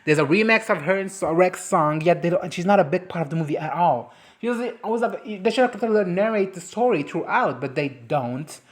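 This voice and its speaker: A woman chatting casually as a movie reviewer, animated and swearing, breaking into quick impressions of characters. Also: fairly low pitch. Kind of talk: casual reaction chat.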